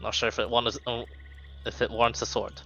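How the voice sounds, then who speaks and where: Brief: male game master, bright tone, rambling streamed tabletop narration, soft background music. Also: mid-range voice, flat delivery, fast talker, gravelly, dull audio. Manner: rambling narration full of ums and restarts.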